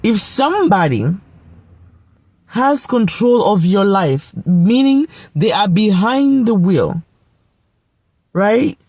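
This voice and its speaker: A woman's voice: medium pitch, very animated, takes it slowly, long pauses, darkish tone. A woman recounts a personal story in a casual vlog, blunt and emphatic, swearing freely as she drives her point home. Her voice is recorded close and dry, with no echo around it.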